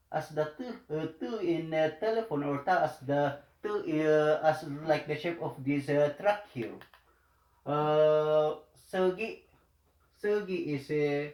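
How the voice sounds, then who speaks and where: Man, very slow lesson, halting with fillers, echoey room. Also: fairly high pitch, darkish tone. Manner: halting, many fillers, repeats each phrase. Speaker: language teacher.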